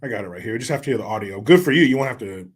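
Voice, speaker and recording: A man's voice: lowish voice, animated, racing, breathy edge. A man hosting casual, profane commentary, sarcastic with muttered crude asides. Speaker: commentary host.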